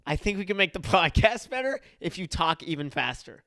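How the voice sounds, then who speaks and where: A young man with a bright, edgy, fairly high voice, heard close and dry on the mic. He co-hosts a casual podcast and teases his partner with quick jabs. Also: big pitch swings, no room sound. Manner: teasing, quick interjections and laughter. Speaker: podcast co-host.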